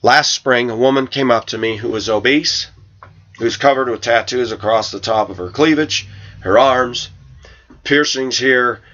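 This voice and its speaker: In a storytelling rant to camera, a man vlogs to his viewers about a coworker, quoting her and himself indignantly, raising his voice for the quotes. His voice is mid-range, unhurried and a bit bright, with the highs cut off.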